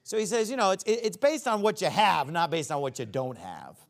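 A man preaching a sermon, reading Bible verses and explaining them in plain everyday talk. He climbs high and loud for emphasis, then drops low to explain. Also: expressive, moderate pace.

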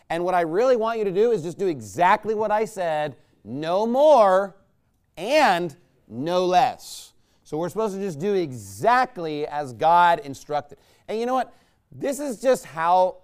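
A man's voice: high-pitched, smooth. A man preaching a sermon in a loose, conversational way, often checking with the congregation. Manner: conversational, rambling, asks listeners "right?".

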